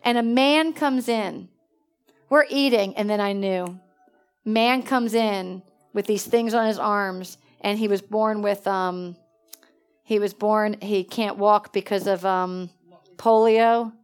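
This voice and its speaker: A woman preaching in a lively storytelling way, jumping from excited bursts to hushed, quiet asides. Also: mid-range voice, takes it slowly, clear, resonant tone, soft background music. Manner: animated, swings between excited exclamations and hushed asides. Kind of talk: storytelling sermon.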